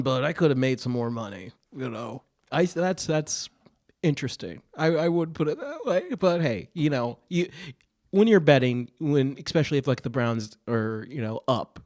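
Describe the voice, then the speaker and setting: Give me a man bantering on a sports podcast, with a lively, swinging delivery. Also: on the high side. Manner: playful banter, quick laughs, riffing reactions. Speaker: podcast co-host. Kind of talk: casual comedic sports-betting chat.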